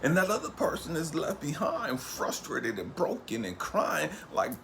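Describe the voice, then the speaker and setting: A man's voice: very animated, a little slow, creaky, hardly any pauses, slight background noise. Profane, emphatic man preaching hard. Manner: emphatic, profane, streetwise preacher cadence, heavy repetition; swings from low murmurs to loud raised bursts. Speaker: spiritual coach and mentor. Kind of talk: impassioned motivational monologue.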